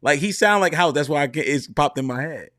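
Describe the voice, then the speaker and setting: A man's voice: fairly high pitch, lively intonation, a little fast, bright, forceful tone, no room sound, clean studio sound. A man on a casual panel telling a story, loose and slangy, often cutting himself off. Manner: loose, rambling, slangy, self-interrupting.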